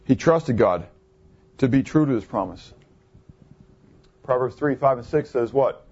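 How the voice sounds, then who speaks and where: A man's voice: medium pitch, expressive, a little slow, a little mellow, slightly rough. Man preaching, muffled lo-fi sound. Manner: conversational preaching with rhetorical questions to the congregation. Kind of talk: sermon. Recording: dull lo-fi recording.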